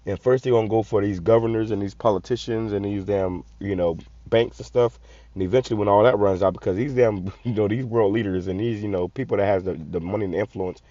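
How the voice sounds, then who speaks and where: A man's voice: fairly low pitch, steady tone, quick pace, warm tone, no room sound. A man, giving blunt, profane casual commentary on a video, often repeating and restarting words. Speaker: channel host. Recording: muffled lo-fi audio.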